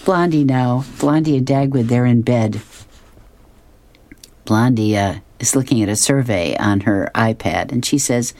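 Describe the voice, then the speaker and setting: Very low-voiced woman reading comics. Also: a little slow, darkish tone. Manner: amused, chuckling between strips. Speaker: comic-strip reader.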